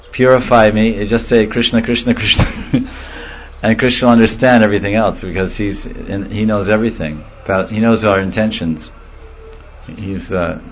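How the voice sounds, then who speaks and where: A spiritual teacher with a medium-pitched, slightly bright voice gives an informal religious talk. He laughs and does voices while telling anecdotes, captured on a muffled lo-fi recording.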